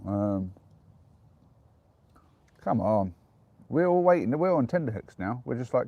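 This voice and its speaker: An English man chatting casually on a live stream from the dark woods at night, giggling as he reads out viewer jokes. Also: mid-range voice, big pitch swings, a little slow, no echo, muffled recording. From England.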